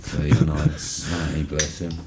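Very deep-voiced man telling animated stories. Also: measured pace, very noisy. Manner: animated, swears freely, acts out quotes. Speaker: interview guest. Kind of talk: casual storytelling.

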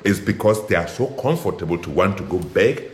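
Earnest lower-voiced man in an echoey room. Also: expressive, fairly quick, faint music behind. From Cameroon. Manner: earnest, searching for words with many filler sounds. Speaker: activist in a discussion. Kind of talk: casual debate.

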